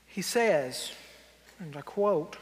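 A man pastor delivers a sermon with a notably high voice, paraphrasing scripture in plain, wry everyday speech. He leans hard on key points, then sinks into quiet reflection. The sound carries a long reverb, as in a large church hall. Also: expressive, takes it slowly, a little hiss or hum. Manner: wry and emphatic, dropping to quiet reflective tones.

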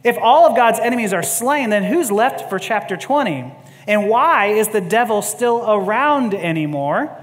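Chuckling preacher in a reverberant hall. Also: male voice, high-pitched, expressive, moderate pace. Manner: conversational, laughs often, repeats words as he thinks. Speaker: pastor. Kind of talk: sermon teaching.

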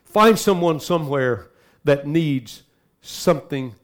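A man preaching a sermon as pastor, dropping to soft asides and then climbing into loud, urgent exhortation. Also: on the high side, lively intonation, slow pace.

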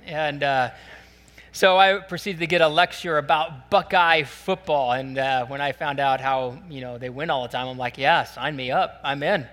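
High bright-voiced man preaching. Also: steady tone, normal speed, long reverb tail. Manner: conversational storytelling with frequent fillers. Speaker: pastor. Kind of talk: sermon.

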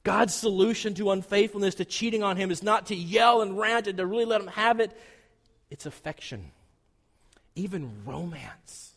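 Pastor guy in his 40s, kinda high voice, storytelling sermon, long echo from the hall. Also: moderate pace. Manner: lively storytelling with acted-out quotes and asides. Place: church sanctuary.

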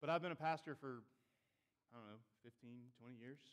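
A middle-aged man preaching a sermon as a pastor, swinging between loud emphatic lines and quiet, intimate questions to the congregation. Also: mid-range voice, a little fast, long reverb tail.

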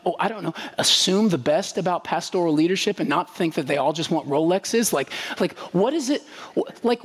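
Male pastor, casual but emphatic sermon voice, a little husky, long church reverb. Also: sits high. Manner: conversational, emphatic, rhetorical questions.

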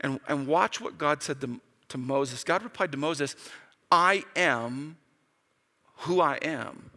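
A man preaching a sermon, talking casually and acting out the quotes with big swings in his voice. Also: slow pace. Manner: animated, acts out quotes with big pitch jumps. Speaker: pastor. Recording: long hall reverb.

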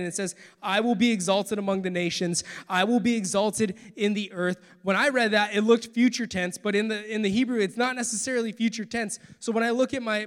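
Man preaching from the pulpit, earnest, dropping quiet then pushing loud; sits high in pitch, big reverberant church hall. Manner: earnest, swings from soft to forceful. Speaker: pastor. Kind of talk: sermon.

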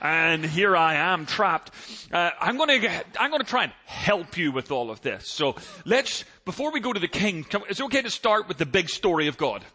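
A man's voice: high-pitched, moderate pace. A middle-aged man from Ireland with an Irish accent, a guest pastor joking with the congregation at the start of a sermon in a large church. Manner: joking, lively, self-deprecating.

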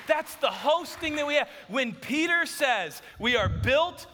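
A man preaching a sermon to a church, telling a lively story about his home. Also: very high voice, measured pace, big-room sound, background noise. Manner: animated storytelling, acts out his wife's voice. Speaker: pastor. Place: church auditorium.

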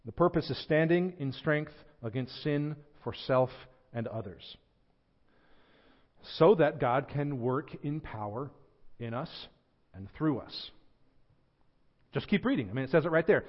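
Male pastor, emphatic sermon delivery, slightly high-pitched, muffled church audio. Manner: emphatic, slows and lifts voice on scripture quotes, drops quiet at phrase ends. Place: church sanctuary.

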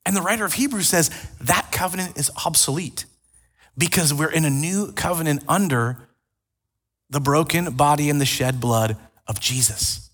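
A man preaching a sermon as a pastor, retelling scripture in an animated storytelling way. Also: on the high side, normal speed. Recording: long reverb of a large hall.

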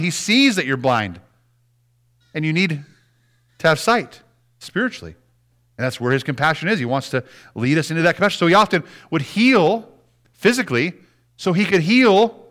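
Pastor, male, middle-aged, higher-pitched voice, lively preaching with hushed drops. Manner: animated preaching, dropping to soft near-whispers for emphasis. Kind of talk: sermon.

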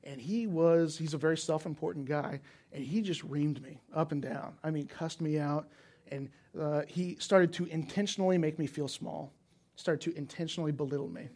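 A male preacher gives a sermon in a conversational, storytelling manner, with a slightly higher-than-usual pitch. He builds to emphatic, intense points. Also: normal speed, darkish tone. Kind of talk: sermon with personal stories.

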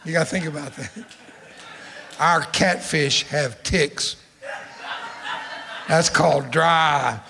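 A man's voice: fairly high pitch, takes it slowly, vocal fry, long pauses. A man, telling a humorous folksy story and acting out the dialogue. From Texas. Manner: animated, acts out dialogue. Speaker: storyteller speaker. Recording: long hall reverb.

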